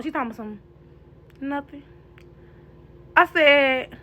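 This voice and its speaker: A woman's voice: sits high, a little slow, long pauses. A young woman, animatedly telling a casual storytime to her viewers. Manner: animated, addresses viewers as y'all.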